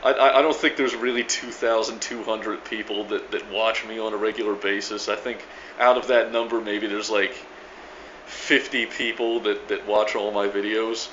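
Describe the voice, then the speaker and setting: A man's voice: on the low side, little pitch movement, moderate pace, a bit bright, lo-fi sound, slight background noise. A man from New Orleans with a local accent, recording an emphatic, stammering video reply and swearing casually. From New Orleans area. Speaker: video blogger.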